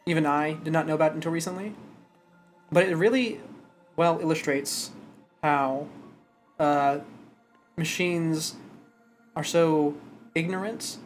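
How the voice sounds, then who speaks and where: A male streamer who reads a story aloud and then chats about it in an animated way, now and then stumbling over his words. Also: fairly high pitch. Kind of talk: live stream chat and story reading.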